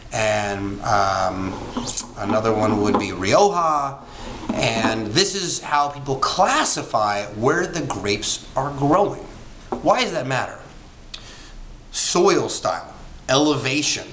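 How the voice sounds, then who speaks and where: A man's voice: medium pitch, a bit bright. A man casually reviewing a wine, chatty and rambling, with frequent ums and self-corrections. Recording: echoey room with faint background noise.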